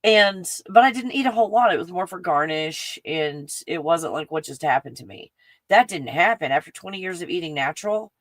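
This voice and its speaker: A woman with a Texan accent, hosting a casual livestream and chatting in an excitable, rambling way full of fillers. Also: fairly low pitch, fairly quick, no room sound. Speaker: livestream host. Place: home in the mountains.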